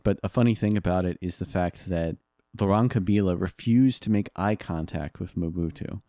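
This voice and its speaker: Deep-toned man telling podcast anecdotes. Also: dark tone, no room sound, studio quality. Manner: storytelling, laughs at his own anecdotes. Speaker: podcast co-host. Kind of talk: casual history podcast chat.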